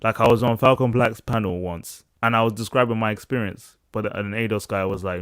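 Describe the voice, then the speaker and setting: UK man hosting a podcast panel, low voice, dry close headset sound, animated with restarts. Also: a little fast, hardly any pauses, no echo. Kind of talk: casual panel discussion. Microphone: headset over video call.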